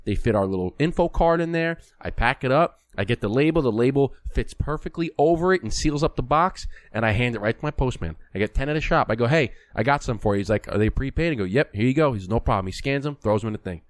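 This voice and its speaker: A man's voice: medium pitch, expressive, fast, hardly any pauses, no room sound. A man co-hosting a podcast, talking in a blunt, casual way with the odd curse. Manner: blunt, profane storyteller. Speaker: podcast co-host. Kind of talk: casual chat.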